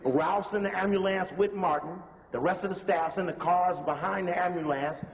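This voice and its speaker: High-voiced man giving emphatic video commentary. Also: in a large hall. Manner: conversational, emphatic, repeats instructions to pause the tape. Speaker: lecturer commenting on video footage. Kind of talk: lecture commentary over video clips.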